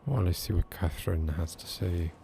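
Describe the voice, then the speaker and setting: A soft-spoken man chatting casually and rambling while streaming a video game. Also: sits low, normal speed, creaky, a little hiss or hum. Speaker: game streamer and ASMR creator. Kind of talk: casual livestream chat while gaming.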